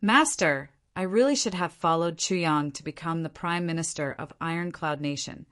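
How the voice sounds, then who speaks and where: A woman's voice: low-pitched, moderate pace, a bit bright. A woman voicing a chattering, boastful young man who rambles on in self-pity. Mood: rambling.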